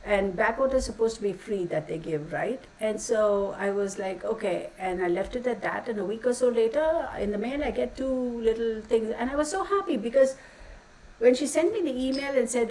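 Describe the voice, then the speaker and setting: A woman's voice: a little high, lively intonation, brisk, a little mellow. Lady venting on her vlog, blunt and chatty, a bit far from the mic with faint hiss behind. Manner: blunt, chatty, exasperated, swears and uses folksy insults. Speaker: channel host. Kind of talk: casual ranting vlog.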